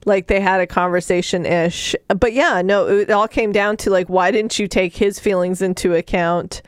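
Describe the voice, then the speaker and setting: A woman's voice: medium pitch, fairly even intonation, normal speed, no echo, studio quality. A woman co-hosting a podcast, casually retelling a book's plot with sarcasm and mock voices. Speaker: podcast co-host recapping a book. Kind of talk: casual chat.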